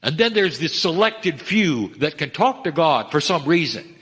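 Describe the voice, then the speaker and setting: A man's voice: a little high, very animated, fairly bright tone, breathy edge. Earnest male channeler in a reverberant hall. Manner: measured, earnest, addresses listeners as dear ones. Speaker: channeler giving a spiritual message. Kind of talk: channeled spiritual talk.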